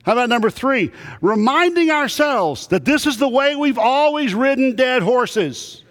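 A man's voice: extremely high pitch, lively intonation, unhurried, a bit bright. A man preaching a sermon to a congregation, telling folksy, humorous stories. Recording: long reverb of a big hall.

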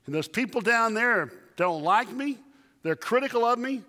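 A man's voice: extremely high pitch, expressive, normal speed, sharp tone, pitched above the performer's own voice, heavily acted. A man preacher voicing a grumpy pastor who refuses to get out of bed for church, whiny and stubborn. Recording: long church reverb.

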